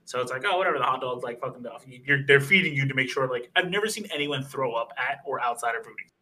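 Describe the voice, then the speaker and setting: A man's voice: expressive, fast, pushed and bright, low-quality recording. A young man telling a long, rambling bar story on a casual podcast, swearing freely. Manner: acts out other people's lines in higher voices. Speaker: podcast co-host.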